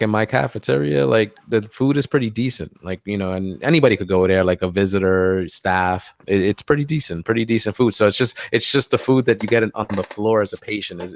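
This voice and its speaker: A man's voice: lowish voice, no room sound, clean studio sound. A man chatting on a podcast, hesitant and full of fillers. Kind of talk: casual chat.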